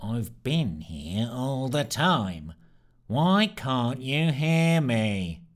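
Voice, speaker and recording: A man voicing a dull, monotonous, rat-like man who mutters slowly and sneers while nobody listens. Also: medium pitch. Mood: dull, sneering. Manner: slow, sneering, flat muttering.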